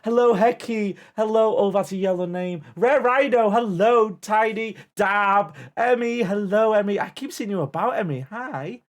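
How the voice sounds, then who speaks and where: A man's voice: high voice, normal speed, few pauses. A man chatting playfully on a game stream, greeting viewers and swearing freely. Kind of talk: casual gaming stream chat.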